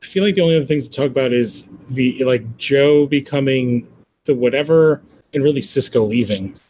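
A man's voice: medium pitch, a little fast, darkish tone, a little hiss or hum. A man co-hosting a podcast, asking puzzled questions and retelling scenes in a casual chat about TV episodes. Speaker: podcast co-host.

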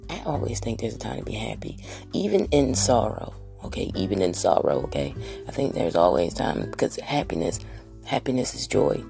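A woman with a strikingly deep, gravelly voice rambles through a solo podcast monologue. She swears freely and keeps firing off rhetorical questions, while faint guitar music plays underneath. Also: wildly swooping pitch, normal speed, dark tone. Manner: profane, restless, asks rhetorical questions. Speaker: podcast host.

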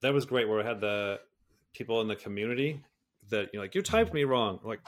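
A middle-aged man talking candidly as an interview guest, swearing freely, rambling and restarting, sometimes rising into animated rants. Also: fairly low pitch, fast. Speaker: guest, personality system creator.

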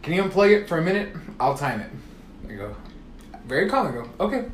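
A man's voice: on the high side, sing-song, fast, echoey room, slight background noise. A man telling a long story in casual chat, swearing freely and acting out both sides of phone calls. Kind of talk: casual storytelling among friends.

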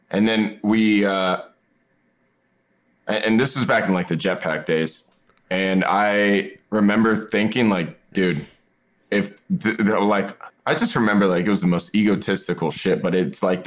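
Slightly low-voiced gamer guy, rambling, profane podcast storyteller. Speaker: esports pro player guest. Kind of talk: casual podcast chat.

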